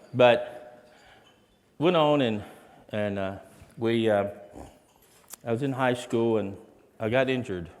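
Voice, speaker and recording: A man's voice: on the low side, clean tone. Heartfelt man telling his story in a hall. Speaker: speaker at an educators' event. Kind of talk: motivational personal testimony. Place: large hall. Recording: long reverb of a large hall.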